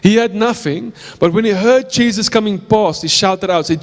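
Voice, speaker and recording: A man's voice: high voice, moderate pace, long reverb tail. A male pastor with a South African accent, preaching a sermon in church, telling a story earnestly and repeating phrases for emphasis. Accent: South African English.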